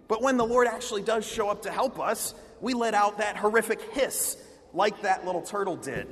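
A male preacher delivering a sermon with animated, expressive storytelling. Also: sits high, moderate pace, slightly rough, long reverb tail.

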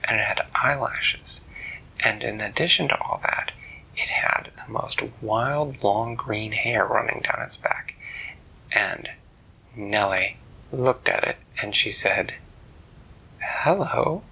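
A man telling a bedtime story to a child in a gentle, animated way. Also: fairly low pitch, takes it slowly, gravelly, husky, whispered, low-quality recording.

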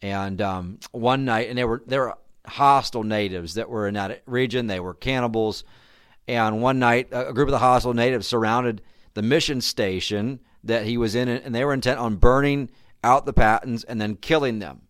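A man's voice: mid-range voice, moderate pace, a bit bright, clean tone, no echo, clean studio sound. A man giving a devotional talk on a psalm as a pastor, speaking earnestly, often repeating and restarting his words. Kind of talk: devotional sermon.

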